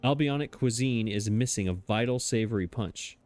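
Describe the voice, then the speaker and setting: A man's voice: lowish voice, moderate pace, darkish tone. A man hosting a let's play, thinking aloud in a chatty, puzzled way and poking fun at his own mistakes. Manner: self-mocking, chatty. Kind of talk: casual gameplay commentary.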